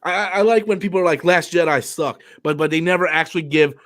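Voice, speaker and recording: A man's voice: sits high, rapid-fire, a bit bright. A young man hosting a live online discussion, ranting with lots of swearing and stammering over repeated words. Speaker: show host.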